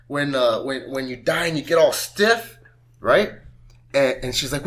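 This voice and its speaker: A man's voice: medium pitch, normal speed, a bit bright, a little hiss or hum. A man telling a rambling, profane story in a casual podcast chat, often laughing as he talks. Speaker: podcast co-host.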